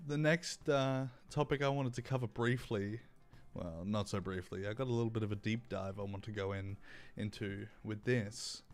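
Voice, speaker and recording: A man's voice: fairly low pitch, moderate pace, faint music behind. A young man hosting a livestream, ranting in a crude, sarcastic commentary style. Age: young adult. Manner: crude, sarcastic, mocking asides. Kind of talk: profane casual commentary rant.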